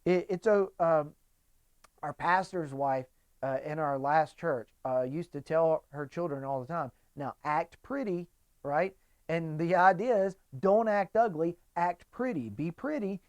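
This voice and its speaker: A man's voice: a little high, measured pace, no room sound. A middle-aged man giving a casual, conversational sermon as a pastor, acting out quotes in voices.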